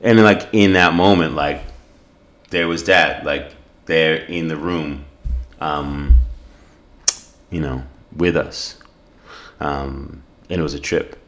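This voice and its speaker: His pitch is extremely low and his intonation fairly even, and he talks slowly with frequent pauses and a slightly bright sound. He's a middle-aged South African guest on a podcast, earnestly and reflectively sharing a personal story in casual conversation, stumbling through many fillers and restarts.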